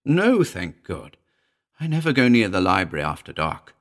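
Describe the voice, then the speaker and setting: In a low, sing-song voice at a normal speed, a man reads a ghost story, voicing a nervous middle-aged housekeeper. She sounds fearful, speaking jerkily and reluctantly in an uneasy, pleading way.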